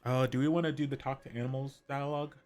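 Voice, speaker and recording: A man's voice: medium pitch, fairly even intonation, quick pace, darkish tone. A man streaming a visual novel, chatting casually and rambling with fillers as he explains the story. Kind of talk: casual game commentary.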